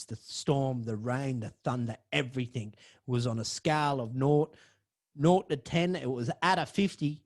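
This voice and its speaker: A man telling a personal story on his podcast, dramatic and profane, swinging between loud outbursts and hushed asides. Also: medium pitch. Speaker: podcast host.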